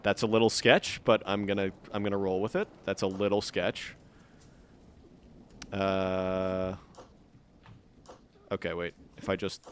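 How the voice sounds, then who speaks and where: A man's voice: lowish voice, a little hiss or hum. A man streaming live gameplay, chatting and muttering to himself with frequent swearing.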